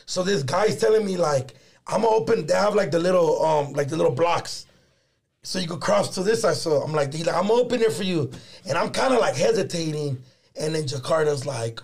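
A man's voice: fairly high pitch, fairly quick, gravelly. A man, a podcast co-host, telling a story in casual chat, swearing freely, dropping in Spanish words and acting out what people said. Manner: profane, animated, slips into Spanish words; acts out his own and others' lines in quotes.

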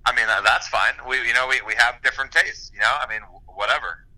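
A man's voice: medium pitch, fast, pushed and bright. A man chatting casually over a phone call while pacing around, rambling and laughing easily. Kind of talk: casual chat.

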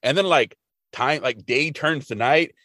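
A man's voice: mid-range voice, measured pace, dry recording. A man co-hosting a podcast, retelling an episode casually and acting out the quotes. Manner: animated storytelling, acting out quotes. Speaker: podcast co-host.

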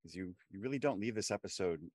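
A man with a lowish voice talks fast as a co-host on a casual TV discussion podcast. Animated, he builds his points through frequent restarts.

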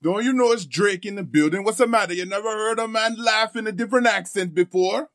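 A man's voice: high-pitched, fairly quick, a bit bright, no room sound, studio quality. A man doing a slangy, swaggering bodyguard sidekick. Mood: boastful. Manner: slangy, teasing, bossy. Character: swaggering male bodyguard sidekick named Chubbs.

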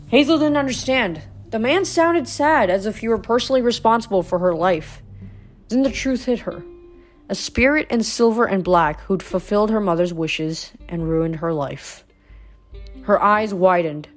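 A woman reads a novel aloud, her storytelling steady and mid-pitched. Now and then she slips on a word and corrects herself. Soft music plays faintly behind her. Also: normal speed. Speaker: audiobook reader.

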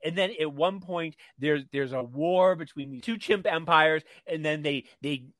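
A man's slightly raised voice carries an animated, gushing tone as he chats on a radio show. The studio sound is dry and close. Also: a little high, normal speed, dry recording. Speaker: radio co-host. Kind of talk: casual chat.

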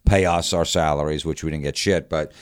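A man's voice: rumbling low, fairly quick, clean tone, no room sound, studio quality. A man from Florida chatting casually as a podcast guest, acting out the voices of people in his stories. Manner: animated storyteller, acts out quoted voices. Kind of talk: casual storytelling chat.

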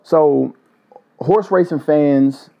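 A man's voice: a little high, extremely slow, vocal fry, muffled recording. A man from Louisville, hosting a solo podcast and ranting in a loose, joking, heavily profane way. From Louisville, Kentucky. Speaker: podcast host.

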